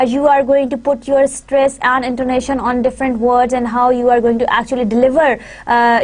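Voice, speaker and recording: High-voiced woman lecturing with many fillers. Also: a little mellow. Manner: halting, many fillers and restarts. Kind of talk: recorded university lecture.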